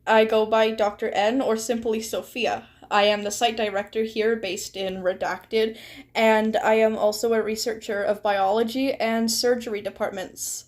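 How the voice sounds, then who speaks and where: A composed female site director introducing herself formally, as a woman puts her on. The voice drops lower and slows into measured, careful speech. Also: level tone, lightly acted.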